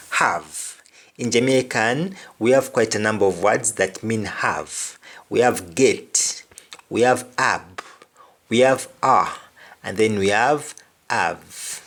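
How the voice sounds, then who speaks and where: A man gives a relaxed language lesson at a very slow, careful pace. He repeats every word and sample phrase, pausing between them for learners to follow. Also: lowish voice. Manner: repeats each word and example phrase twice. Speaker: language teacher.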